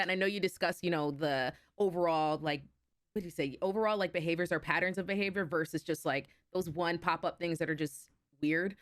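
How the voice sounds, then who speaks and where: Casual woman podcast host, chatty, laughs easily, lowish voice, dry close mic. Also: fairly even intonation, fairly quick, no echo. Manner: chatty, laughs often, many fillers. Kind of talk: casual interview chat.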